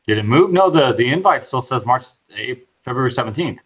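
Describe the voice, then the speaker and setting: A man's voice: medium pitch, animated, fairly quick. A man co-hosting a casual live-streamed hobby chat, easygoing and teasing. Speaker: podcast co-host.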